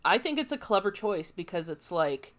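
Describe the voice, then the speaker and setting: A woman's voice: mid-range voice, sing-song, moderate pace, fairly bright tone. Laid back woman cohost, lots of yeah and mm-hmm, casual talk. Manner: agreeable, often backchannels with short replies. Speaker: podcast co-host. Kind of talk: casual chat.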